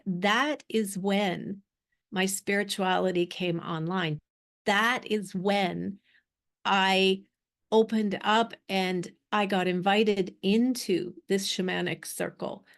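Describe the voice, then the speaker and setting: A middle-aged woman hosting a spiritual art workshop, telling a personal story in a slow, heartfelt way with long pauses. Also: lowish voice, vocal fry.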